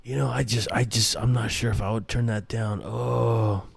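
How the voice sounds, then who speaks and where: A man's voice: medium pitch, fairly even intonation, normal speed, creaky, husky. A man hosting a casual, rambling monologue, swearing and restarting his sentences often. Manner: rambling, profane, many restarts and fillers. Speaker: host.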